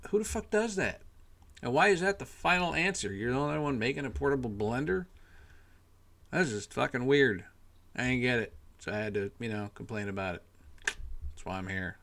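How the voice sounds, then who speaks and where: A man ranting in a casual monologue, rambling and exasperated, swearing often and filling pauses with "you know". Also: medium pitch, creaky, a bit bright. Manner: profane, rambling, exasperated, lots of fillers. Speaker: podcast host.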